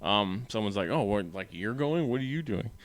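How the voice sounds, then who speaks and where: A man with a lowish voice co-hosts a casual movie podcast. He talks in a relaxed, meandering way, full of ums and likes. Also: moderate pace. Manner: relaxed, many fillers like um and like. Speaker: podcast co-host. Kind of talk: casual movie review chat.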